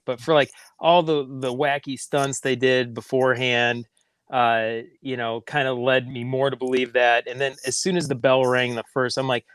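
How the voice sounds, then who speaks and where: A man's voice: mid-range voice, fairly even intonation, brisk, fairly bright tone, no room sound. A man co-hosting a casual sports podcast, rambling with lots of filler words. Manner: rambling, full of "like" and "you know". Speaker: podcast co-host.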